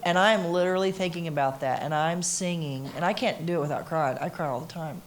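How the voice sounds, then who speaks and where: Middle-aged woman, singer as panel guest, emphatic storyteller, lowish voice. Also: a little fast. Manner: emphatic, animated storyteller who acts out quotes. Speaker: interviewee, singer. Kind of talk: candid conversation on a panel. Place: conference stage before an audience.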